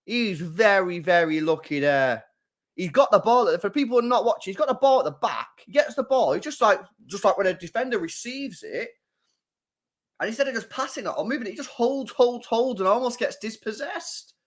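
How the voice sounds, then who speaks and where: A young man hosting a live football watchalong, reacting to the match, talking to his chat and bursting into shouts and laughter. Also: high-pitched, brisk. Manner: excitable, bursts into shouts and laughter, chats to viewers.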